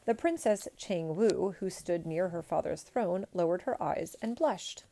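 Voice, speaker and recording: Low, gravelly storybook reader. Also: female voice. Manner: measured, expressive storytelling. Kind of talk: reading a picture book aloud.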